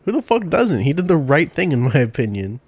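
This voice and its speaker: A man co-hosting a casual chat podcast, blunt and deadpan, swearing often. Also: on the high side, brisk, slightly rough, no room sound. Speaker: podcast co-host.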